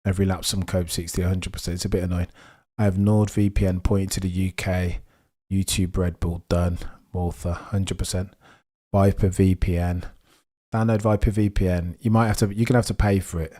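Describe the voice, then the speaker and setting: A young man with a Birmingham accent and a low voice, talking over a motor race as it happens. He chats casually and excitably, reacting to the action and answering his viewers. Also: normal speed. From England. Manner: chatty, excitable, reads and answers viewer messages. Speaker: livestream host. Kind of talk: casual live race commentary.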